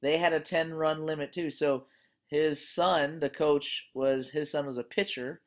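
Give me a course instructor closing out the week with a relaxed spoken story. The delivery is conversational and full of fillers, then turns earnest and encouraging. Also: mid-range voice, a little slow.

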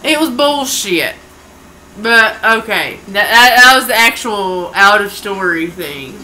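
A woman's voice: medium pitch, expressive, slow pace, bright, forceful tone, poor audio. A sleepy woman chatting casually during a game, telling a rambling story full of swearing. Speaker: co-commentator. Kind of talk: casual chat.

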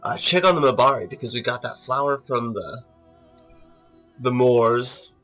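Raspy stuffed-up guy doing a chill let's play, slow and jokey, game music going. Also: medium pitch, a bit bright. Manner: joking, chatty. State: congested from a sinus illness. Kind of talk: casual gameplay commentary.

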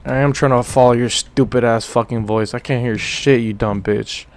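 A man's voice: medium pitch, fairly even intonation, normal speed. A young man streaming a horror game, swearing a lot and calling everyone bro, yelping when scared and then muttering. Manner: jumpy, profane, says "bro" constantly. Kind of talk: live horror gameplay commentary.

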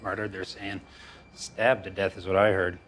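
A flat-voiced small-town gossip. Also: male voice, low voice, moderate pace, slight background noise. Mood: gossipy.

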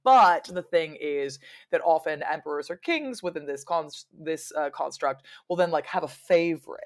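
Appearing as a guest in a casual interview, a London-based woman historian talks in an animated, digressive way, with quick bursts of laughter and playful mock quotes. She has a low voice.

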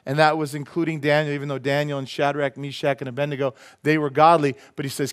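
A middle-aged male pastor preaching a sermon in a casual, folksy way, with quick asides to the congregation. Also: a little high, little pitch movement, smooth. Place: church sanctuary.

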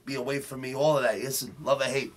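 A man puts on a cocky New tough guy who boasts and threatens in a brash comedic monologue. His voice sits at an ordinary male pitch, loud and swaggering. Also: fairly even intonation, quick pace, a little hiss or hum. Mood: ranting. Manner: boastful, profane, shouting rants. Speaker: comedic character host.

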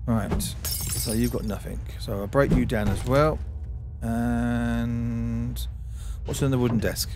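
Chatty man doing let's-play commentary. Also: medium pitch. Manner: chatty, talks to himself and to objects in the game. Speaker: game streamer.

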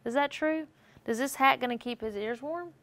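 A woman's voice: high voice, normal speed. A woman teaching young children, reading a picture book aloud and asking them questions as she goes. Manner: animated, asks questions and answers for listeners. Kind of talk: storybook read-aloud lesson with questions to children.

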